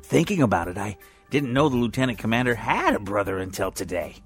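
A man voicing a nervous, stammering male Ferengi ensign in a high, squeaky voice. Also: big pitch swings, brisk, faint music behind. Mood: uncertain.

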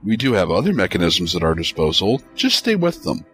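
A man's voice: low voice, wildly swooping pitch, brisk, fairly bright tone, soft background music, full character voice. A man voicing a teasing female ship hologram in an audiobook reading, with a playful, chiding delivery. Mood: wry.

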